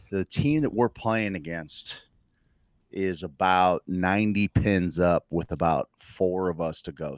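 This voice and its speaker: A man co-hosting a casual comedy podcast, talking in an animated, teasing way and swearing freely. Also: low voice, dry recording. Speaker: podcast co-host. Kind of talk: casual chat.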